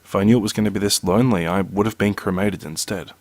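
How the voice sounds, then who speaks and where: Low-voiced man reading scary stories. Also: steady tone, quick pace, dry recording. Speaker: narrator.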